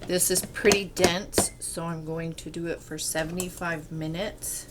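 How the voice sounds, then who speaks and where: Stuffy-nosed woman, slow kitchen chat. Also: on the low side, fairly even intonation, heavy background noise. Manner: slow, unhurried, rambling explanations. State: stuffy and congested. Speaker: home canning vlogger. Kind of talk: casual kitchen how-to chat. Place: home kitchen. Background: kitchen clatter of pots and utensils.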